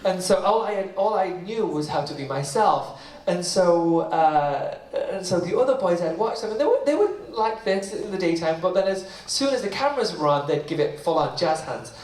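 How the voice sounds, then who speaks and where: A man's voice: high voice, expressive, normal speed, a little mellow. Chatty British man in a roomy hall. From Britain. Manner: chatty, self-mocking, laughing often. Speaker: author guest. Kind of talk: storytelling on stage. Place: library event hall with audience. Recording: roomy hall, mic heard from a distance.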